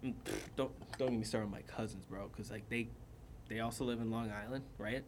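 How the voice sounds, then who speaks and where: A man co-hosting a podcast, telling animated stories in casual chat and laughing often. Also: fairly low pitch, a little fast, a little hiss or hum. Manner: animated storyteller, laughs a lot. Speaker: podcast co-host.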